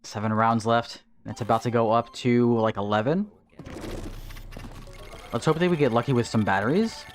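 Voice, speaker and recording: Male streamer, mid-pitched, relaxed chat over faint game music. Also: moderate pace, long pauses. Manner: casual, thinking aloud, greets chat. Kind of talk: live gameplay commentary.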